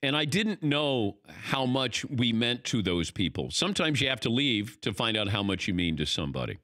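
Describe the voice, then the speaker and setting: An older man hosts a casual talk show, his pitch swinging up and down as he tells stories. His voice is bright and forward, close and dry with no room sound. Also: moderate pace, no echo. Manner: animated storytelling, acting out quoted lines. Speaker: host. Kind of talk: casual chat.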